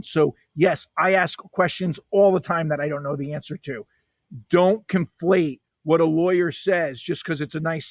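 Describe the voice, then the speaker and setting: A man's voice: fairly high pitch, no room sound. A man, a guest author in a podcast interview, talking in an emphatic, punchy storytelling way.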